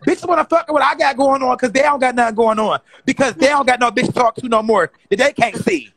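A young man ranting in a profane, exasperated, fast-talking comedy style. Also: very high voice, fairly bright tone. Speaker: comedy creator.

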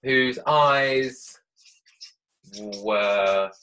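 A man's voice: medium pitch, extremely slow, pushed and bright. A man teaching a children's writing lesson from home, thinking aloud as he drafts and chatting to pupils. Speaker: primary school teacher.

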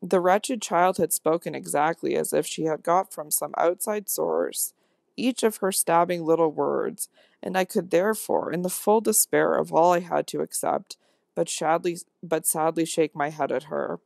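An audiobook narrator reading a classic novel aloud in a measured, intense first-person manner. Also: medium pitch, gravelly, a little mellow, dry recording, studio quality.

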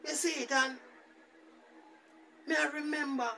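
A man with a very high, creaky voice and a Jamaican Patois accent rambles through a casual, repetitive story as a vlogger, retelling it in an animated way at a measured pace. The mic sits at a distance, with a little hiss or hum.

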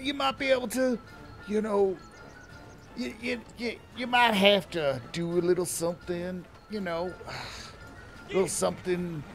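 Man, streamer, gameplay commentary, rambling, stammering, jokey, gravelly, high voice. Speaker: streamer playing a game.

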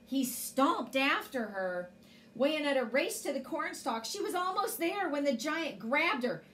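A woman reading a bedtime story aloud with an expressive storyteller's manner. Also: high voice, measured pace, slight background noise.

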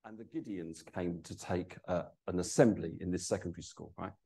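A preacher tells a story from the pulpit in an informal, chatty way. His voice sits fairly low and sounds warm and mellow. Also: fairly quick, creaky, slightly rough. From East London, England. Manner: chatty, storytelling, many fillers. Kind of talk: informal sermon with personal story.

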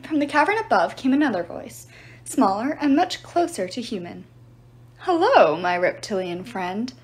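Woman, higher voice, lively swooping pitch, dramatic read-aloud of a novel. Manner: expressive, dramatic storytelling. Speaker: reader.

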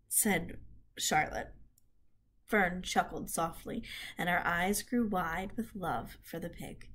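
A woman reading a children's book aloud, expressive storytelling with a few slips. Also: fairly low pitch, takes it slowly, slight background noise. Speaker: reader.

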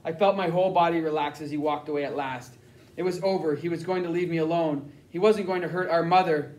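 A man reading a first-person novel aloud as an audiobook narrator, with plain, steady storytelling. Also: fairly high pitch, fast, distant mic, rough recording.

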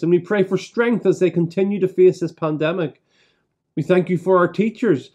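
A male minister with a somewhat higher voice leads a broadcast church service. He prays and reads scripture in a measured, solemn way, pausing deliberately between phrases. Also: mellow, lo-fi sound. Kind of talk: leading prayers and reading scripture aloud.

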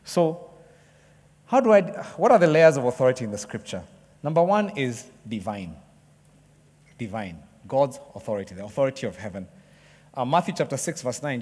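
A man preaching a sermon to a church congregation, joking with the crowd and acting out excited sports fans. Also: medium pitch. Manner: lively, jokes with the congregation, acts out excited fans. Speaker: pastor. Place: church hall. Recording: long hall reverb.

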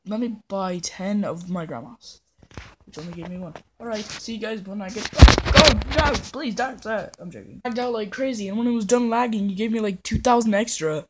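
A woman hosts a gaming channel, giving casual let's-play commentary in a put-on British accent, rambling playfully, mocking herself and drifting into hummed nonsense. Her medium-pitched voice is brisk, and the phone recording has background noise.

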